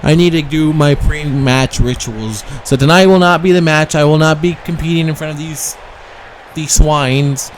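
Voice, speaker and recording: A man's voice: fairly high pitch, moderate pace, a little hiss or hum, natural voice. A man voicing a haughty, entitled woman wrestler who sneers at the crowd and whines about a rematch. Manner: sneering, whiny, insulting the crowd.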